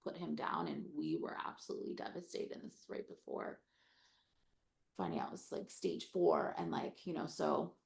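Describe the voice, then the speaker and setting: Woman panelist, low voice, strong creaky fry, halting and hushed. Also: big pitch swings. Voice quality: heavy vocal fry. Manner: soft, halting, trails into whispers. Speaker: panelist, parent living with cancer. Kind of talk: panel discussion.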